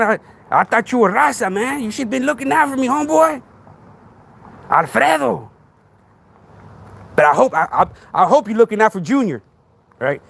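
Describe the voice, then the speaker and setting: A man's voice: sits high, creaky, fairly bright tone. A man hosting a podcast, ranting in a casual monologue full of sarcastic, mock-frightened rhetorical questions and street slang. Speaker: podcast host.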